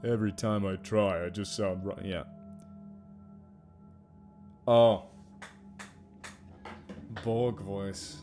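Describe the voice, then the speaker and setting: A man's voice: on the low side, fairly even intonation, extremely slow, long pauses, over music. A man chatting casually on a live stream, giggly and rambling.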